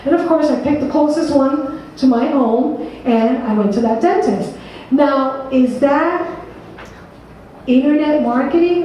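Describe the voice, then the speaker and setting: In a high but dark-toned voice, a New Jersey woman with a matching accent delivers an interactive seminar talk, putting questions to audience members by name. The meeting room echoes, and she's captured from a distance.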